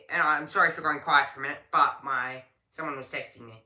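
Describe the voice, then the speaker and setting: A woman's voice: low-pitched, fairly even intonation, a little fast, few pauses, pushed and bright, reverberant, poor audio. A young woman giving casual live race commentary on a stream, chatting to viewers and reading the chat between calls.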